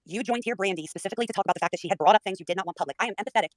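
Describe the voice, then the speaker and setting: Firm, fast-talking scolding woman. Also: mid-range voice, no room sound. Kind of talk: group audio-chat discussion.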